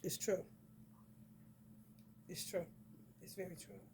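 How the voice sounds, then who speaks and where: Slow and steady, a woman with a fairly low voice gives a profane, no-nonsense astrology reading, peppered with "honey," in a casual spiritual vlog. She's from the northern United States, and the background is noisy.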